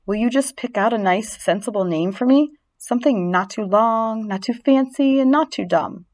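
A small, sensible young girl spider who knows her own mind, speaking brisk and matter-of-fact, as a woman reader puts her on. Her voice sits bright and raised. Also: fairly high pitch, voice pushed up, natural voice. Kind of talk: storybook reading.

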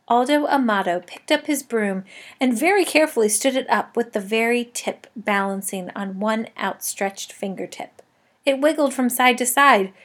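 A woman narrating a children's story in the first person with a lively, expressive reading. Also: on the high side. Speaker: audiobook narrator.

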